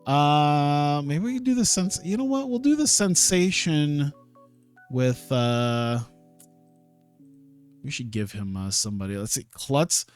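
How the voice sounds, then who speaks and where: Over soft background music, a man streams a wrestling management game, musing aloud with the odd chuckle and curse in casual commentary. His slightly high voice is expressive, and he takes things slowly.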